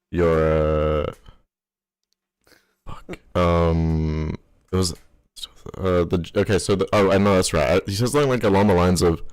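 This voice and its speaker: Very low voiced guy asking questions, lots of ums, dry sound. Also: a little mellow, dry recording. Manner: halting, many fillers and restarts. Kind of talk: casual interview questions.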